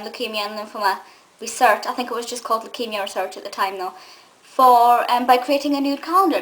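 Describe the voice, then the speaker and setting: A woman's voice: fairly high pitch, a bit bright, rough recording. A young Scottish woman giving a gushing, chatty film review full of fillers and restarts. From Scotland. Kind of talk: casual film review monologue.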